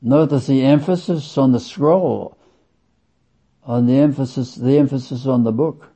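Husky guy preaching, slow and dramatic, dull lo-fi sound. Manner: emphatic, sweeping swings in pitch and loudness; slow, deliberate, drawn-out phrasing. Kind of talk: sermon. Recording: dull lo-fi recording.

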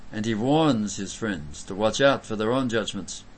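A male preacher giving an emphatic sermon, swinging from loud bursts to soft, low lines. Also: lively intonation, normal speed, slight background noise, rough recording.

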